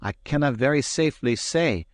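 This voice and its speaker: A man reading an audiobook, voicing a cunning rogue who speaks in gruff, forceful bursts. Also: medium pitch, animated, moderate pace, no room sound, voice pushed up, lightly acted. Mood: sly. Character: roguish Scottish Highland man, fierce and cunning. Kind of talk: audiobook character voice.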